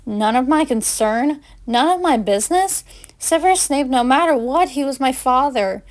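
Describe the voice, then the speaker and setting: A woman's voice: sits high, lightly acted. A woman reading the lines of a fiery, hurt young female student with heated, rising delivery.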